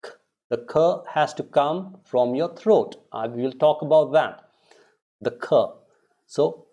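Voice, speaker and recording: A man teaching English pronunciation, saying each word slowly and repeating it for practice. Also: on the high side, warm tone. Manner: slow, drawn-out, repeating words for practice. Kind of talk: pronunciation lesson.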